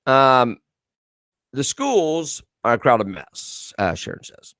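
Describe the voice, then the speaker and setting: Male host, casual sarcastic commentary, animated delivery, dead dry room. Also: mid-range voice, extremely slow, dry recording. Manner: sarcastic, reads viewer comments and news aloud. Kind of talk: casual live-stream commentary.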